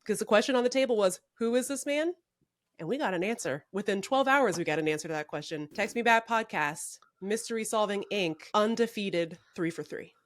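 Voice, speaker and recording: A woman's voice: medium pitch, expressive, brisk, no room sound, clean studio sound. A woman co-hosting a podcast in casual chat, blunt and profane, laughing often. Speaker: podcast co-host.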